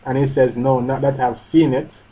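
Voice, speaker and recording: A man with a husky, dark voice reads manga panels aloud in a live reaction. He moves between reading the lines and cutting in with blunt, sweary remarks of his own. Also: mid-range voice, flat delivery, moderate pace, rough recording. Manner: reads panels aloud, breaks off to comment, swears and shouts in outrage.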